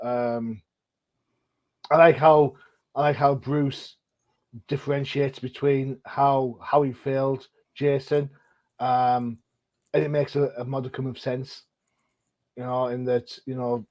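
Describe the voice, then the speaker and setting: A man hosts a casual comic-book podcast in a rambling, chatty way, restarting his sentences often. His voice sits at an ordinary middle pitch. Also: level tone, slow, long pauses, darkish tone, low-quality recording. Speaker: podcast host.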